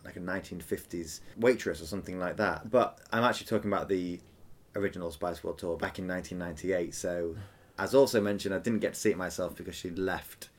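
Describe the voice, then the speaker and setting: A man co-hosting a podcast in casual chat, enthusiastic and chatty, quick to laugh. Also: sits low. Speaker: podcast co-host.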